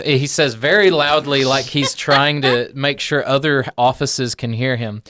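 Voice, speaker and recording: Man, game master, mid-pitched voice, casual narration, dry close mic. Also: fairly even intonation, unhurried, few pauses, fairly bright tone, no echo. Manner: casual, descriptive, filler-heavy.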